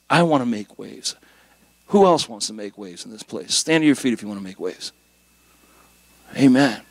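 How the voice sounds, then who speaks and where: Middle-aged male guest pastor, animated conversational preaching, dry close sound. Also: medium pitch, dry recording. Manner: animated, conversational preaching with jokes and rising emphasis. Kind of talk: sermon.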